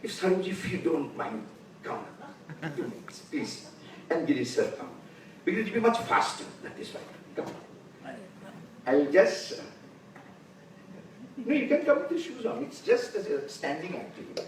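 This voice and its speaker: A man's voice: high-pitched, big pitch swings. Older Indian man lecturing in an echoey hall. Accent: Indian English. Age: about 70. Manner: unhurried, lecturing, stops often to gather thoughts. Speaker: conference speaker. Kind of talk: lecture at a conference. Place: large conference hall. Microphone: distant room mic. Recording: very echoey hall, voice far from mic, faint noise.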